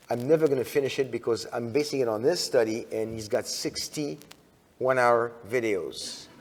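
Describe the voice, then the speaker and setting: Male conference speaker in a church, animated storyteller, slightly high voice, long hall reverb. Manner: animated storyteller, frequent restarts, asks audience questions. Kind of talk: sermon-style conference talk. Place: church sanctuary.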